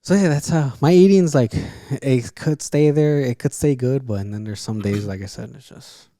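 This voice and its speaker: A man co-hosting a podcast in casual chat, his voice dark and mellow. He talks loosely, swears often and fills his talk with "like". He is recorded on a dry, close mic with no room sound. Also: mid-range voice, moderate pace, no echo. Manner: loose and profane, with frequent fillers and restarts. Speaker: podcast co-host.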